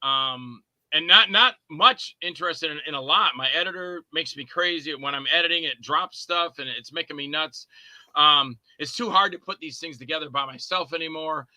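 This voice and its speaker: A man's voice: a little high, normal speed, bright, forceful tone, dry recording, poor audio. A man guesting on a podcast, a filmmaker telling rambling anecdotes about his movies and acting out scenes in character voices. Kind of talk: casual anecdotes.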